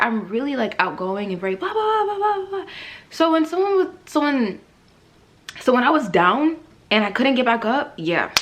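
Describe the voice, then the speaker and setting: Young female vlogger, casual testimony, lively swinging pitch, chatty and heartfelt, frequent laughs. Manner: emotional, rambling, laughs often, many fillers. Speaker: vlogger sharing her faith testimony.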